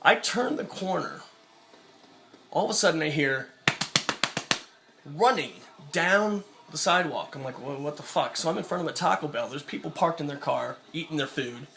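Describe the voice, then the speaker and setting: A man's voice: a little high, lively intonation, moderate pace, vocal fry, long pauses, fairly bright tone. A young man telling an angry personal story in a vlog, swearing a lot and acting out the people he quotes. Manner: profane, ranting, acts out quoted voices. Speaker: vlogger.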